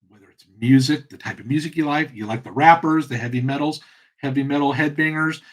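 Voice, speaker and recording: Chatty middle-aged man, fairly high voice. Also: fairly quick. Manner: rambling, conversational storytelling. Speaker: channel host. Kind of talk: casual monologue.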